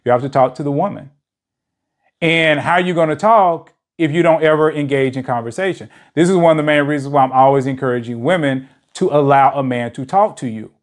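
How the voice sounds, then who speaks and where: A man's voice: on the high side, a little fast. A man hosting a dating channel, talking in a loose, rambling way and packing his speech with "you know" fillers. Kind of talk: casual monologue to camera. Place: lives in a big city.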